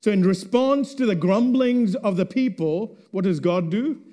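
Slow, high-voiced male preacher. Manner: slow and deliberate, dropping to a hush at phrase ends. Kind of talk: sermon.

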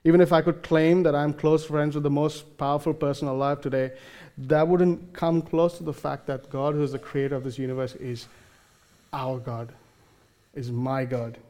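A man's voice: on the high side, level tone, normal speed, mellow. A man preaching a sermon, earnest and emphatic, often restarting his phrases with fillers.

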